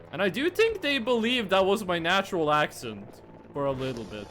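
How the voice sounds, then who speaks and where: A man's voice: high voice, very animated, a little fast, fairly bright tone, slight background noise. A young man live-streaming a game, chatting casually and rambling through stories with lots of fillers into a desk mic at his home setup. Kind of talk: casual live-stream chat while gaming. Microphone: desk mic with webcam on monitor.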